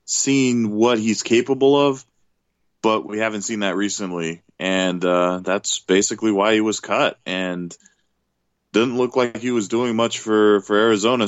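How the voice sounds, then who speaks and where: A man's voice: fairly low pitch, no echo. A man co-hosting a sports podcast, speaking casually and hesitantly with many restarts. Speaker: podcast co-host. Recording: dull dry lo-fi mic.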